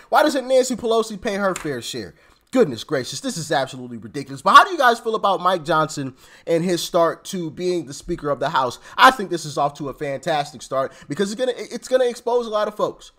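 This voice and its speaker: A man's voice: high voice, very animated, brisk, pushed and bright. A man hosting a political commentary channel, ranting sarcastically and stammering as he repeats himself.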